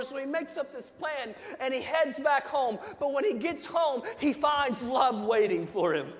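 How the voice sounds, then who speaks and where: A man preaching a sermon in a church hall, impassioned and often shouting with rising emphasis. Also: very high-pitched. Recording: reverberant hall with soft music.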